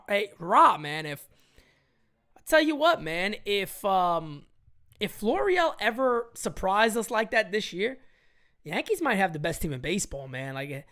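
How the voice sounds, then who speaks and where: A woman hosting a live-stream sports chat show, talking in an animated, emphatic way and greeting her chatters. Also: medium pitch. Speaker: sports talk show host.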